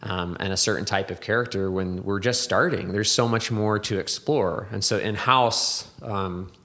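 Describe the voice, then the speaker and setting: Guy with a lowish voice chatting on a podcast, thinks out loud, lots of um and you know, kinda poetic. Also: moderate pace. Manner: thoughtful, rambling, many restarts and fillers; reflective, waxes poetic. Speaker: whiskey distiller and blender. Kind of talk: conversational podcast interview.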